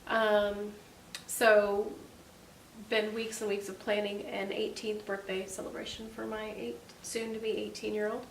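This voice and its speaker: Woman in her forties, gravelly voice, faith-based chat co-host, echoey room, faint hiss. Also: mid-range voice, level tone, a little slow, distant mic. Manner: chatty, warm-hearted storytelling with many ums. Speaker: podcast co-host.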